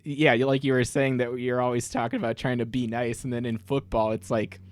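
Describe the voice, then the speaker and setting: A man's voice: medium pitch, little pitch movement, a little fast. Laid-back young man explaining. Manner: laid-back, explains things with many fillers. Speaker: podcast co-host, son. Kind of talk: casual chat.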